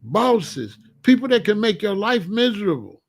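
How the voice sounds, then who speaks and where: Gravelly man in slangy casual commentary. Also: sits high, moderate pace. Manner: animated, slangy, acts out quoted voices.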